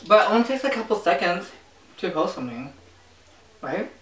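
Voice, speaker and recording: A woman's voice: mid-range voice, very animated, brisk. A young woman hosting a casual mukbang chat, telling travel stories with lots of fillers while she eats. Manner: chatty, eating while talking, filler-heavy storytelling. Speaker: vlogger host. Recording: echoey room, mic at a distance.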